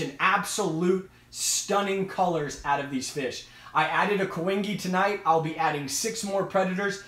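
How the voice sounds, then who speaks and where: A man's voice: high voice, a bit bright, echoey room. A man hosting a casual live stream, talking with eager, rambling enthusiasm. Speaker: host of an aquarium live stream.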